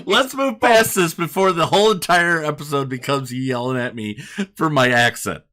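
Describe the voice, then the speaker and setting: A man's voice: a little high, moderate pace, pushed and bright. An American man with a northern accent hosting a podcast in easygoing casual chat. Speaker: podcast host.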